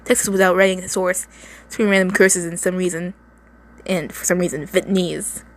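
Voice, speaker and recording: A woman's voice: lowish voice, fairly even intonation, a little fast, a little hiss or hum. A young woman casually reading a story aloud at home, often stumbling over words, laughing and adding side comments. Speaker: reader of fan fiction. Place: home, indoors.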